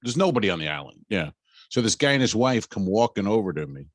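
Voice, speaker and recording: A man's voice: on the low side, sing-song, fast, no echo, studio quality. A man, a comedian and podcast co-host, telling a story in casual chat and acting out the dialogue.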